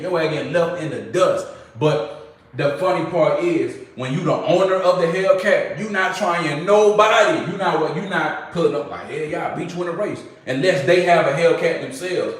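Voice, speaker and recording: A young man with a drawl talks casually to his viewers. His storytelling is loose, slangy and animated. He sits well back from the mic, and a very echoey room rings around his voice. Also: on the high side, fairly quick, far from the mic. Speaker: vlogger.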